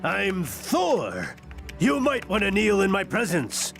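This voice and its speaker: A man's voice: high voice, wildly swooping pitch, slow, vocal fry, a bit bright, faint music behind, exaggerated voice. An actor playing a wisecracking male mercenary who jokingly poses as famous heroes in a video game. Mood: mock heroic. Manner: jokey, overblown heroic posing.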